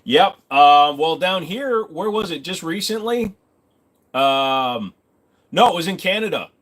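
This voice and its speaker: A man's voice: a little high, animated, unhurried, fairly bright tone. A man hosting a casual livestream from his home computer desk, rambling, joking and swearing freely. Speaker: livestream host.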